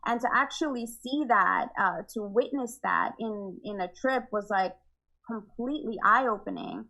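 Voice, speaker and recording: A woman's voice: mid-range voice, a little slow, creaky, sharp tone, low-quality recording. A young woman talking openly about her relationship as a podcast guest, often laughing and acting out what she once said. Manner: candid, laughs often, acts out her own past words. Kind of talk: casual conversation.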